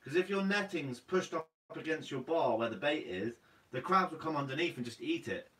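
A man's voice: on the high side, lively intonation, normal speed, a bit bright, far from the mic, rough recording. A young man from Guernsey with a Guernsey accent, hosting a fishing channel's live Q&A, reading out comments in a laid-back, slightly sleepy way and calling everyone "mate". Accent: Guernsey English.

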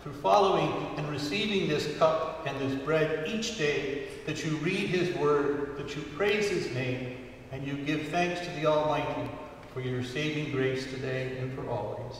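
A man preaching a sermon as a priest to his congregation, earnest and unhurried, with emphatic rises on key words. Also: on the high side, a little hiss or hum. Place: church sanctuary. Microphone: distant room mic. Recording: far-off voice in echoey church hall.

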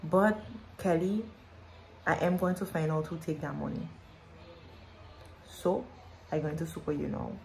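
A woman's voice: deep voice, measured pace, vocal fry, pauses often, a little mellow, slight background noise. A woman telling an emotional story in her vlog. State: pregnant. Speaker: vlogger.

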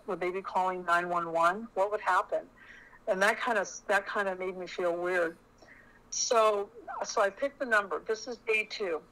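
A middle-aged woman telling a personal story in an earnest, halting way, often restarting her sentences. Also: medium pitch, pushed and bright, poor audio. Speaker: spiritual storyteller.

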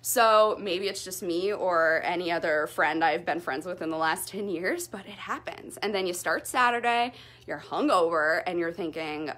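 A woman's voice: on the low side, normal speed. Chatty young woman, breathless after a workout. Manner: chatty, candid, lively storytelling. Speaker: fitness vlogger. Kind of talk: casual talk to camera.

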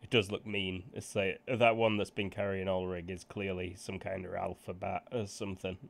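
A man's voice: sits low, little pitch movement, moderate pace, vocal fry. A man narrating as game master of a tabletop game, joking and rambling with self-corrections.

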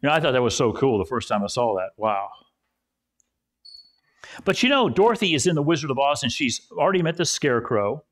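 A man's voice: mid-range voice, sing-song, brisk. A male pastor preaching a conversational sermon at a church service, telling stories and repeating phrases for emphasis.

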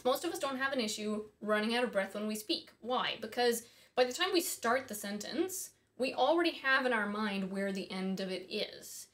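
A woman's voice: a little high, expressive, moderate pace, a bit bright. A woman teaching singing in a casual, chatty way, thinking aloud and dropping in small asides as she explains. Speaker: voice and harp teacher. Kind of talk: casual instructional talk.

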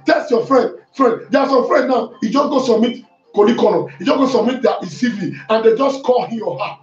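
A Nigerian pastor with a very high voice preaches fervently, breaking into shouts and repeating hallelujah. He sounds distant from the mic in an echoey room, the sound dull, with faint music behind. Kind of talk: sermon.

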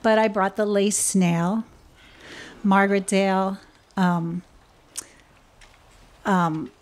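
Slow-spoken nervous woman reading aloud. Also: medium pitch, steady tone. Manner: nervous, halting. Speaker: speaker at a memorial service. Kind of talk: reading a children's story aloud. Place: church.

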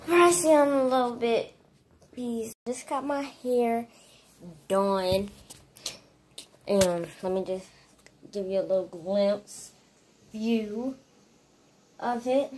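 A woman's voice: fairly high pitch, slow, pauses often. A woman chatting casually to her phone camera at home as a vlogger, calling her viewers y'all. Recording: loud background noise.

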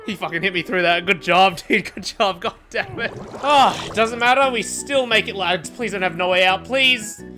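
A man in his twenties commentating his own gameplay, excitable and swearing often, pleading and yelling at the game, voice going hoarse. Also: high voice, moderate pace, few pauses, soft background music. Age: 20s. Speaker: gaming YouTuber.

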